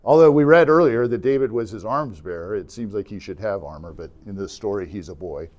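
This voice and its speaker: A man's fairly low voice moves quickly as he leads an adult church class. He recounts stories casually and animatedly, performing the characters' dialogue and using fillers.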